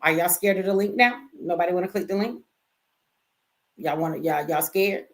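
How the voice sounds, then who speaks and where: A woman's voice: on the low side, moderate pace. Brash, teasing American woman livestreaming. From United States. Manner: brash, profane and teasing, laughs often. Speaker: livestream host. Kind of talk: casual livestream talk to chat.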